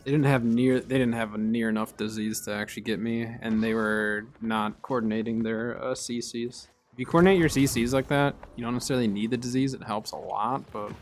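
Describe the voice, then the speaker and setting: A young man streaming a game, calmly explaining tactics and getting excited in fights. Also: on the low side, fairly quick, few pauses, faint music behind. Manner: relaxed, explains tactics while playing, bursts of excitement in fights. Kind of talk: casual gameplay commentary.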